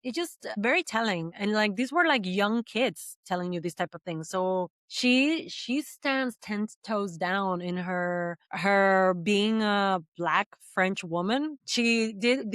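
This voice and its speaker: A woman from the Caribbean, a podcast guest, talking in quick, animated bursts full of fillers in casual chat. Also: mid-range voice, no room sound, clean studio sound.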